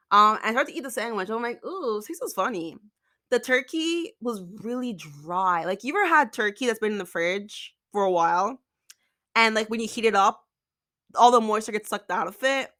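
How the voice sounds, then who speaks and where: A woman's voice: mid-range voice, fairly bright tone. A young woman telling a storytime vlog in a chatty, exasperated way, full of fillers. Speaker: vlogger.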